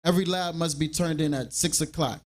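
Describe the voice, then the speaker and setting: A man leading a scripture class in an animated preaching style, acting out everyday dialogue to make his points. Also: on the high side, a little fast.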